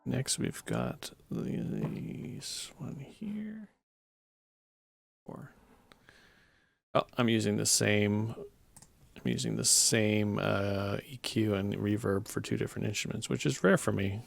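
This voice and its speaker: A man explaining his music production in a relaxed, casual way, thinking aloud with fillers and self-corrections. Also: on the low side, slow, creaky, no echo. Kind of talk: casual screen walkthrough. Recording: music playing underneath.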